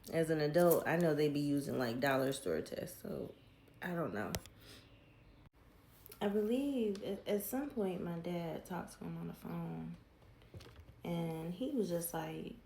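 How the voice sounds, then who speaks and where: A woman speaks candidly about her past and swears freely. Her voice sits on the low side and carries a gravelly fry. The room adds a noticeable echo. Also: a little mellow, a little hiss or hum. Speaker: vlogger telling her life story. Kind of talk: casual storytelling.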